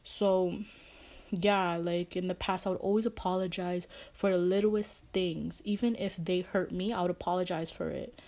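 A woman's voice: lowish voice, steady tone, moderate pace, few pauses, mellow. A young woman giving casual relationship advice, blunt, swearing often, and padding her talk with fillers.

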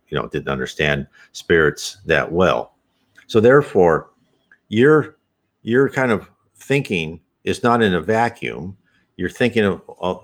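Low-voiced man explaining spiritism earnestly. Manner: earnest, explanatory, animated emphasis. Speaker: spiritism presenter. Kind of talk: conversational teaching monologue.

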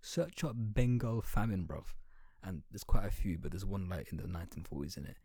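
Low, husky young guy ranting sarcastically. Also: animated, fairly quick, mellow, dry recording, clean studio sound. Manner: sarcastic, crude, rambling, slangy. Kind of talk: satirical comedic rant.

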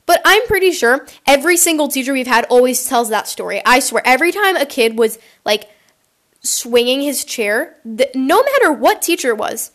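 A woman's voice: sits high, expressive, normal speed, a bit bright. A woman podcast host chatting casually and reacting to listener confessions, rambling and acting out quotes in silly voices, on a poor quality mic.

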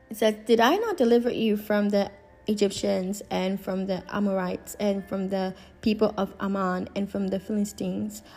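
A woman's voice: mid-range voice, darkish tone. A woman teaching a Bible study, reading scripture and paraphrasing it expressively in casual speech.

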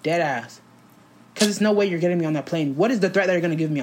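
A woman's voice: lowish voice, quick pace, a little mellow. A woman in casual chat, ranting emphatically with lots of slang, as a podcast co-host.

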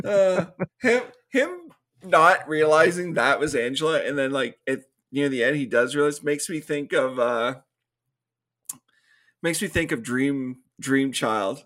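A man's voice: fairly high pitch, slow pace, a bit bright. A young man co-hosting a casual film review podcast, recapping scenes and acting out characters' lines between laughs. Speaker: podcast co-host.

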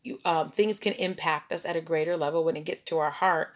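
A woman's voice: deep voice, fairly even intonation, fairly quick. A woman hosting a casual interview who encourages her guest and sums up what she has said. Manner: encouraging, reflects back and sums up. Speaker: host.

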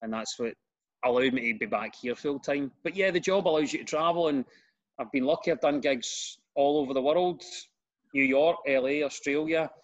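A man's voice: a little high, normal speed, dull audio. Chatty middle-aged Glasgow man. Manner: chatty, self-deprecating, tells stories with put-on voices. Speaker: comedian and radio presenter. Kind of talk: casual podcast chat.

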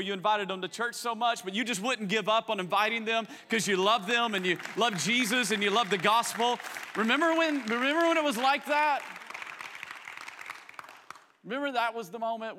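Bright, animated man preaching a sermon. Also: sits high. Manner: animated, acts out voices of the people in the story; drops to soft, quiet tones when reflective. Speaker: pastor.

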